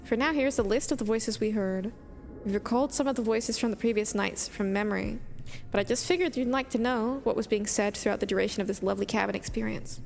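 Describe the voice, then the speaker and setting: A woman's voice: mid-range voice, fast talker, creaky, darkish tone, long reverb tail, faint music behind. A woman streamer reading horror stories aloud on a live stream, breaking off into chatty, rambling asides full of "like".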